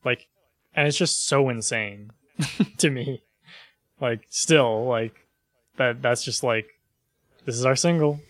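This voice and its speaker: Podcast co-host, male, unhurried and rambling, dry close sound. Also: medium pitch, fairly bright tone, dry recording. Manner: laid-back, rambling with fillers. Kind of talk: casual chat.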